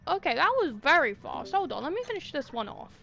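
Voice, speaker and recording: A woman's voice: sits high, sing-song, brisk, creaky, noisy background. A young British woman livestreaming a game, chatting and pleading with the characters in an exasperated way. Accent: British English. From Britain. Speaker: streamer. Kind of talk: gaming commentary.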